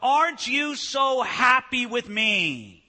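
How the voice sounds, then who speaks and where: A man voicing a smug, self-righteous male Pharisee who boasts loudly in prayer. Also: extremely high pitch, sing-song, slow, pitched above the performer's own voice, full character voice. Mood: boastful. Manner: boastful, showy, loud. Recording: reverberant hall.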